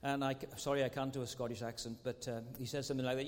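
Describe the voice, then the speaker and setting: Earnest preacher in an echoing church. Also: male voice, mid-range voice, little pitch movement, very fast. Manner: earnest, with frequent rhetorical tag questions. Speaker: pastor. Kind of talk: sermon. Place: large church sanctuary. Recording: long church hall reverb.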